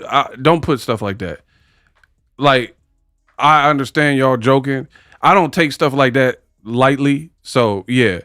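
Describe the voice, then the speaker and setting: A man hosting a casual live stream, chatting with viewers in animated, slangy banter and often breaking into laughter. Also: medium pitch, clean tone, no echo, clean studio sound. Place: home set under hot lights.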